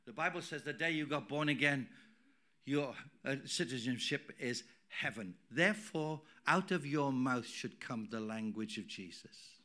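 A middle-aged man preaching a sermon in a church, emphatic, swinging between loud declarations and quiet asides. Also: mid-range voice, lively intonation, a little slow. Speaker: pastor.

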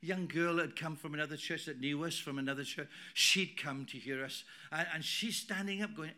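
A middle-aged man preaching a sermon in a church, emphatic, swinging between loud declarations and quiet asides. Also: fairly high pitch, fairly quick, hardly any pauses. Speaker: pastor.

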